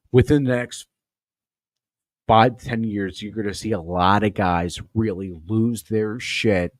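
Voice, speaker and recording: Profane rambling podcast host, low voice. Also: male voice, no room sound, clean studio sound. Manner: profane, rambling anecdotes with tangents. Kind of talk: casual storytelling.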